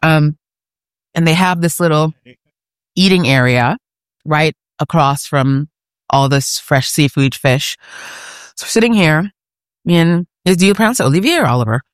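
A woman's voice: sits low, animated, normal speed, pauses often, smooth, no room sound, studio quality. A woman from New York City, chatting casually and laughing often as a guest, seated at an outdoor eating area on a market street. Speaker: guest, food podcaster. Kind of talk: casual conversation.

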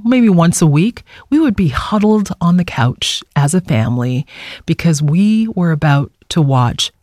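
A man's voice: a little high, a little mellow, no room sound. Conversational male radio host. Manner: conversational storytelling. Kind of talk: radio show hosting.

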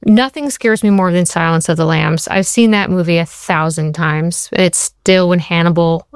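A woman in her forties speaks as a guest in an interview, telling stories with animation and playing out the voices she quotes. Her voice sits low for a woman and comes through smooth and resonant. The sound is dry and close. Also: normal speed, dry recording. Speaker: TV writer and showrunner, guest. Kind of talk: interview conversation.

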